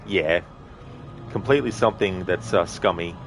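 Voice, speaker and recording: A man's voice: low voice, normal speed, faint music behind. A male streamer chatting casually with viewers while playing, reading out their redeems. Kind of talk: casual live-stream chat while gaming.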